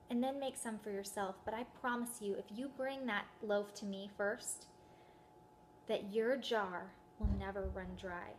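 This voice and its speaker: A woman voicing a calm, insistent male prophet who makes a gentle, reassuring promise in a retold Bible story. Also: medium pitch, slight background noise, lightly acted.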